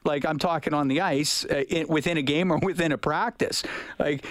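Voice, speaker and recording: Enthusiastic sports radio host, dry studio sound. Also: male voice, a little high, a bit bright, no echo. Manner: enthusiastic, emphatic.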